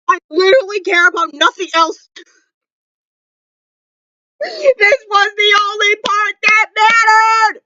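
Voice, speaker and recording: A woman reviewing a TV episode in a loud, shrieking, overexcited way. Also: very high voice, slow pace, pauses often, dry recording, lo-fi sound. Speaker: TV reaction vlogger. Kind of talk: excited reaction review.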